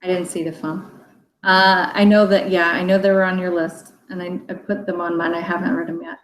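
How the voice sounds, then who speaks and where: A chatty woman hosts a relaxed book discussion, rambling with fillers and breaking into laughs. Her voice sits at an ordinary pitch. The room is echoey, with a faint hum of ambient noise behind her. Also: brisk. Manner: chatty, laughs often, many fillers and restarts. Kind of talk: casual chat.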